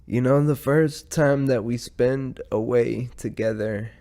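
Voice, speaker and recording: A man's voice: medium pitch, slow, creaky, dark tone. A man hosting a podcast, telling a story in a casual, rambling way, full of swearing and chuckling at himself. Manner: profane, rambling, chuckling through his own story. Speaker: podcast host.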